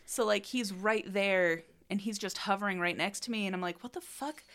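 A woman's voice: medium pitch, fairly even intonation, normal speed, fairly bright tone, clear, resonant tone. A woman in a casual chat, telling stories animatedly, swearing freely and saying "like" and "dude" a lot.

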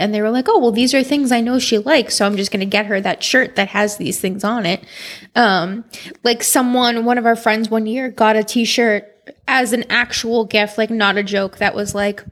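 A woman co-hosting a casual chat, giving wry, opinionated takes. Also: a little high.

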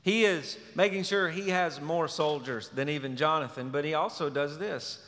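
A male pastor preaching a sermon, telling a story in a relaxed, conversational way. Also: on the high side, moderate pace. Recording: long reverb of a large hall.

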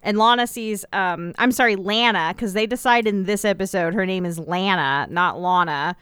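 A woman co-hosting a podcast, summarizing a TV episode in casual chat with a wry, deadpan manner. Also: medium pitch, moderate pace, clean tone, no echo. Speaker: podcast co-host.

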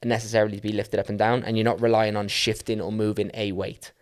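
A man with a fairly low, level voice hosts a podcast at a quick pace. He casually explains dance fitness moves one step at a time, sprinkling in plenty of "like" and "um."

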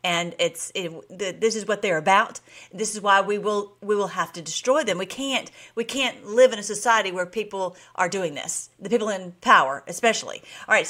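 A woman's voice: medium pitch, fairly bright tone. A woman hosting her own video blog, chatting casually and bubbly with her viewers and laughing often. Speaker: vlog host.

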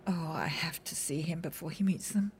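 An actress plays a vain, aging film star, her delivery dramatic and gushing as it swings between sharp and tender. Her female voice sits low and moves at a moderate pace, with slight background noise.

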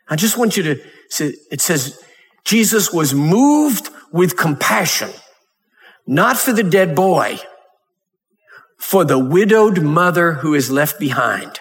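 A man's voice: on the high side, sing-song, slow pace, a bit bright. A man preaching a Wednesday night sermon, reading scripture and talking conversationally with laughs and mock voices. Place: church sanctuary. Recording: long hall reverb.

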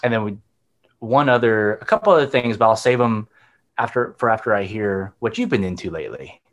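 A man's voice: on the low side, expressive, fairly quick. A man co-hosting a podcast in casual chat, hesitant and full of fillers, reacting briefly to his partner. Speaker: podcast co-host.

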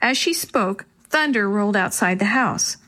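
A woman narrating a children's storybook chapter in a clear, expressive way. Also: mid-range voice, moderate pace. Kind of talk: storybook reading.

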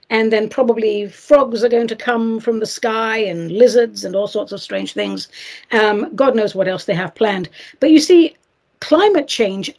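Woman host, middle-aged, husky, animated pitch, chatty and sarcastic monologue. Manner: chatty and theatrical, with sarcastic asides and giggles. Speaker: podcast host. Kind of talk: casual monologue commentary.

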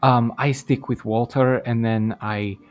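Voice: mid-range voice, steady tone, unhurried, highs cut off. A player speaking in character as a bard, stammering and playfully pompous, with faint guitar music behind. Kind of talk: in-character tabletop role-play.

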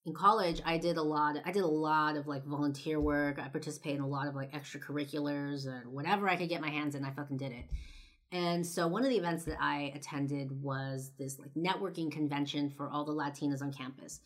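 A woman's voice: sits low, steady tone, a little fast. A woman in her twenties telling a personal story in a casual, chatty way, with lots of fillers and some swearing. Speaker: podcast and video host.

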